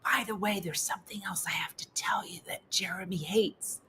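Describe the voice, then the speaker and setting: A woman's voice: on the high side, measured pace, a little hiss or hum, natural voice. A woman voicing a chatty female friend who whispers confidences during a class, in whispered role-play. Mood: confiding whisper.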